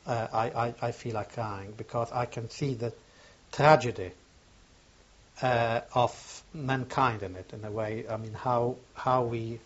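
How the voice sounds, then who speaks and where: An older man recounting a memory in an oral history interview, halting and searching for words, on a dull lo-fi recording. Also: mid-range voice, fairly even intonation.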